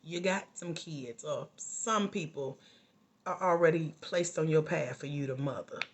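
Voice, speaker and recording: A woman life coach trainer, talking casually and sassily at home to viewers, with lively preachy asides. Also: sits low, unhurried, slight background noise. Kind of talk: casual livestream talk.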